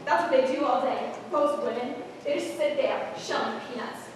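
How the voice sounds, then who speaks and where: Stage casting: woman as a shrieking spoiled brat girl, high and bratty, miked far back in a noisy, echoing hall. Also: moderate pace, close to an everyday voice. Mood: boastful. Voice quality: shrill and shouting. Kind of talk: stage play acting.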